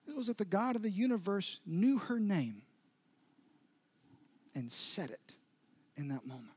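A man with a high voice preaching a sermon. He tells the story dramatically, dropping to near-whispers and then building up again. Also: very animated, unhurried, slightly rough. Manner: dramatic storytelling with sudden soft drops and rising intensity. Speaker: pastor.

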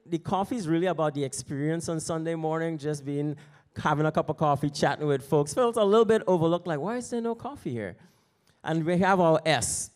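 A male pastor preaching in a relaxed, conversational way, leading into a lesson through a story. His voice sits slightly high. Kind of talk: sermon with story.

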